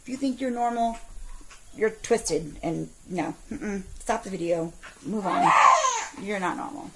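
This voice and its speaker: A woman in her forties ranting in a vlog from her parked car, telling her story with indignant, animated outbursts. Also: mid-range voice, unhurried, slight background noise, low-quality recording. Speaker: vlogger.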